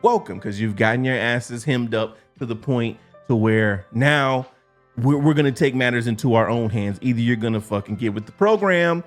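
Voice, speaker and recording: A man's voice: medium pitch, normal speed, faint music behind, voice pushed down, close to an everyday voice. Man doing a profane, menacing drill sergeant. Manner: profane, threatening, clipped commands. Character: stern gruff male drill sergeant.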